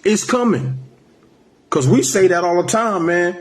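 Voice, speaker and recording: A man preaching a sermon, reading scripture slowly and then driving points home with repeated "man" and "right?". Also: sits high, animated, a little hiss or hum. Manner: emphatic, ends phrases with "man" and "right?"; slows to a drawl when reading scripture. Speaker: street preacher.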